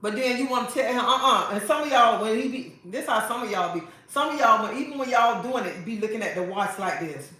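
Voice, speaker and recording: A woman's voice: on the high side, animated, fairly quick, few pauses, fairly bright tone. A woman hosting a livestream, talking to viewers in a sassy, preachy way and repeating her phrases. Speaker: livestream host. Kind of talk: casual livestream talk to viewers. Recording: very echoey room.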